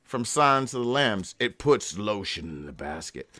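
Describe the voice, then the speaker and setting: A man's voice: fairly low pitch, big pitch swings, normal speed, sharp tone. A man hosting a daily live show, rambling through a profane, free-associating monologue read from his own notes, breaking into sudden whoops. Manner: reads aloud from his own notes, stumbling.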